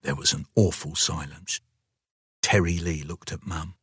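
A man reading a children's story aloud with lively storytelling. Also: rumbling low, unhurried, husky, no room sound, studio quality.

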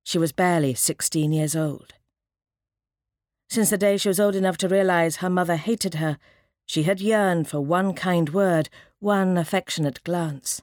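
A woman narrating an audiobook in a measured, dramatic reading. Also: on the low side, a little mellow, no room sound, clean studio sound.

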